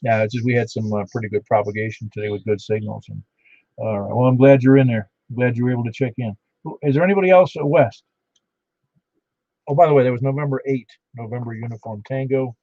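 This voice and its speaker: Folksy ham radio net host. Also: male voice, medium pitch, quick pace, mellow, no echo. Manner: folksy and chatty, reading out call signs. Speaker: net control for an amateur radio net. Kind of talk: casual on-air radio net chat. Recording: dull lo-fi radio audio.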